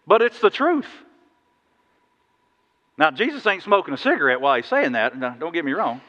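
A man preaching a sermon, telling stories in a lively, animated way with sudden loud bursts. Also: a little high, moderate pace. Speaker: pastor. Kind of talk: sermon with storytelling. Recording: dull sound in a big reverberant hall.

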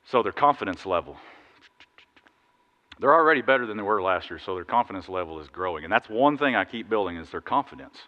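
A man preaching a sermon, telling stories in a lively, animated way with sudden loud bursts. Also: lowish voice, quick pace. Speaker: pastor. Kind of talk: sermon with storytelling. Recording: dull sound in a big reverberant hall.

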